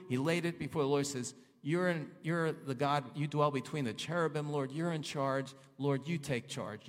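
A male pastor preaching a sermon, reading scripture aloud and voicing prayers with fervor, his pitch rising and falling. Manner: rises and falls in pitch, voices prayers with fervor. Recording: long hall reverb.

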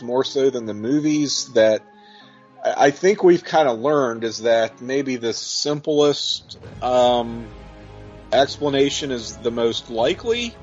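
A man co-hosting a casual podcast, joking at his own expense and working through ideas out loud. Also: mid-range voice. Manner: self-deprecating, joking, thinks aloud with restarts. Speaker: podcast co-host. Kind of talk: casual chat. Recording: slightly dull lo-fi audio, faint music.

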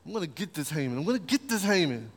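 A man playing an angry, scheming male royal official who shouts and huffs, in a sermon. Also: a little high, very animated, fast, breathy edge. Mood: furious. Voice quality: shouting, huffing. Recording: long hall reverb.

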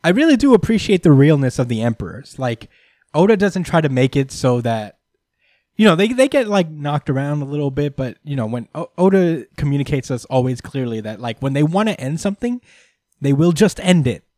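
Animated man recapping with swearing. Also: fairly high pitch, brisk, no room sound, clean studio sound. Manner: animated, swears freely, laughs often. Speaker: host. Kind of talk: casual recap chat.

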